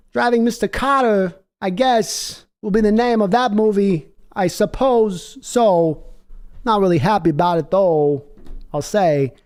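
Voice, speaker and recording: A halting older man with odd, broken-up phrasing, his lines jumping between short clipped bursts and long pauses, as a man puts him on. The voice sits high. He sounds deadpan and unhurried. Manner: choppy, stop-start phrasing with odd pauses. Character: halting, oddly cadenced older male celebrity impression.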